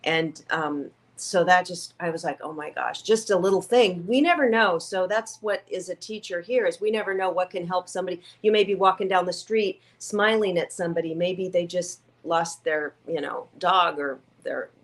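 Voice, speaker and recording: A woman's voice: lowish voice, normal speed, hardly any pauses. Emotional woman telling her story. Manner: emotional, animated storytelling with quoted voices. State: tearful. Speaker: guest. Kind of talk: conversational interview.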